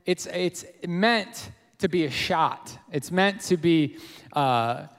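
A man preaching an expository sermon, talking in a conversational, animated way with fillers and restarts. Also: on the high side, slow, smooth. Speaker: pastor. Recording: long hall reverb.

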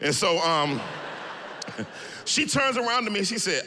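A man pastor preaching a sermon, telling stories with humor in an animated way. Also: high-pitched, measured pace, pauses often, in a large hall.

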